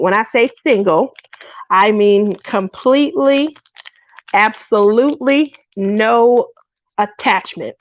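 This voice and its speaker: A middle-aged woman hosting a craft livestream, chatting casually and telling animated stories while laughing often. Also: mid-range voice. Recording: dull dry lo-fi stream audio.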